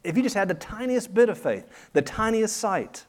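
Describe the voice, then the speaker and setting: A man's voice: sits high, animated, normal speed. A man preaching a sermon as pastor, earnest and conversational, putting rhetorical questions to his listeners.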